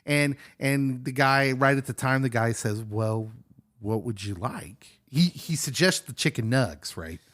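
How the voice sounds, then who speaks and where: Animated man chatting with lively swings. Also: mid-range voice, unhurried. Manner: animated, enthusiastic, jokey. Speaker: podcast co-host. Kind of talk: casual watch-along chat.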